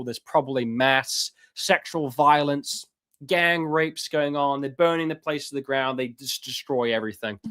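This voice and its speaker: A man with a fairly high voice gives an impassioned live-stream lecture. He talks with heavy sarcasm, stacking ums and restarts as his points pour out. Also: a bit bright, clean tone.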